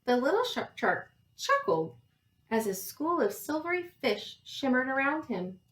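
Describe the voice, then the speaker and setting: A woman reading a storybook aloud, unhurried and deliberate, her voice rising and falling a lot. She stops for little asides to her listeners between the pages. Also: sits high. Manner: expressive, adds asides to listeners. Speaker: storybook reader. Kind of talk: reading a picture book aloud.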